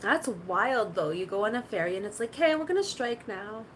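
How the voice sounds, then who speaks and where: A woman's voice: mid-range voice, expressive, a little fast, a bit bright, slight background noise, poor audio. A woman chatting casually to her stream viewers, rambling through stories with lots of "like". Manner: rambling storytelling, full of "like". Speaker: live streamer.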